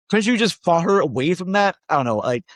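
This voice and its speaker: Male movie reviewer from Minnesota, slightly high voice, rambling casual delivery, gets exasperated, dry close sound. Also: sing-song, normal speed, dry recording. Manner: rambling and conversational, keeps tagging lines with "all right?".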